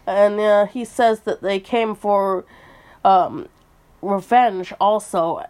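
A woman's voice: mid-range voice, slow, darkish tone, clean tone. A woman co-hosting a casual book discussion, chatty and hedging with fillers.

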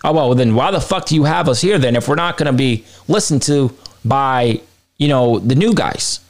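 A man hosting a wrestling podcast, delivering a heated, profane opinion rant that swings between low mutters and high outbursts. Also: expressive, moderate pace. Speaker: podcast host.

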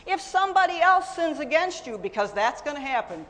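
A middle-aged woman preaching a sermon, telling her own story with emphatic swings between loud and soft. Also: sits high, big pitch swings, fairly quick, in a large hall.

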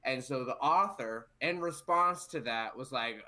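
A man's voice: medium pitch, measured pace, hardly any pauses, bright, forceful tone. A man in a casual podcast chat, telling a story with swearing and frequent rhetorical "right?". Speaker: podcast co-host.

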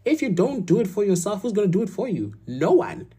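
A woman's voice: medium pitch, sing-song, a little fast, mellow, husky. A woman imitating her father, an older man with an African accent, lecturing firmly and repeating his point. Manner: firm, preachy, repeating himself.

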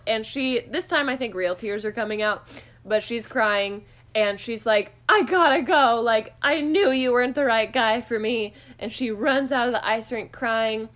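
A woman's voice: medium pitch, a bit bright. A woman co-hosting a podcast, recapping a movie plot in casual, wry chat full of "like" fillers. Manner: chatty, wry, lots of "like" fillers.

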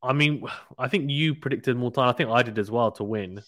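A man hosts a casual sports podcast in a chatty, teasing way and laughs often. His voice sits at an ordinary middle pitch. The sound is close and dry, with no room echo. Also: fairly quick, a bit bright. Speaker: podcast host. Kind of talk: casual cricket podcast chat.

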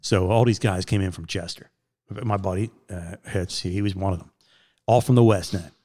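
A middle-aged man, hosting a casual podcast chat and telling stories with lively quoted voices and frequent laughs. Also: normal speed. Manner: animated storyteller, jumps into high put-on quotes, laughs often. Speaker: podcast host.

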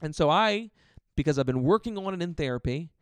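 A male stand-up comedian, a podcast guest, retelling a story in an animated, indignant way and leaning on "like" as a filler. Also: on the high side, brisk, clear, resonant tone, no room sound, clean studio sound. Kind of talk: conversational storytelling.

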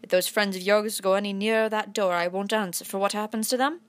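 Woman doing a gruff farmer dad. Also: fairly even intonation, brisk, dry recording, lightly acted. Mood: stern. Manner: blunt, rumbling, defiant. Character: gruff stubborn middle-aged farmer father.

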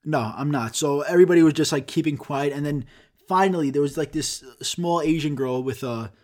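A man's voice: fairly high pitch, fairly quick, a little mellow. A young man telling a rambling, profane comic story in casual chat, throwing in sound effects.

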